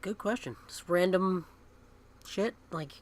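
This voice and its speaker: A man's voice: high-pitched, expressive, slow pace, no room sound. A man from the Boston area with a Boston accent, co-hosting a casual podcast chat, dry and teasing. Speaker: podcast co-host.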